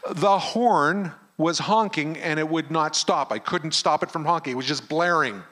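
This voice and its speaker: A man's voice: a little high, normal speed. A middle-aged man, a pastor telling a personal story in a sermon at a camp meeting and acting out the dialogue. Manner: animated storyteller who acts out the dialogue.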